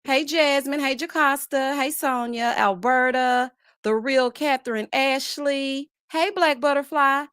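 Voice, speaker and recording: Chatty high-voiced woman livestream host. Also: measured pace, hardly any pauses, a bit bright, dry recording, clean studio sound. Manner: chatty, greets viewers one by one; sassy, playful asides. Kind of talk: casual live-stream chat.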